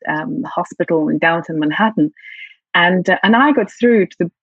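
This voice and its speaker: A Polish-born woman with a British accent, a guest speaking warmly and reflectively in an interview, often restarting her phrases. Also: lowish voice, normal speed, slightly rough, no echo. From Poland. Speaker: guest, CEO and leadership coach. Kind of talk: casual interview chat. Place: at home. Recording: dull, dry video call audio.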